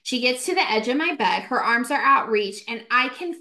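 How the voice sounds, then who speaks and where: A young woman in her twenties, co-host of a casual podcast, tells a ghost story in a slightly high voice with a sharp tone and lively intonation. She speaks fast and animatedly, full of "like" fillers and acted-out quotes.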